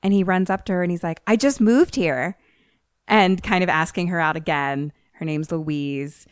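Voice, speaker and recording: A woman co-host with a mixed American accent, a little Philly and Maryland, rambles through a film plot and acts out the characters' lines as she goes. Her voice sits a bit low. The sound is dry and close, with no room around it. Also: level tone, moderate pace, smooth, no room sound. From United States. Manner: loose, rambling retelling full of "like" and quoted lines. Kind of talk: casual chat.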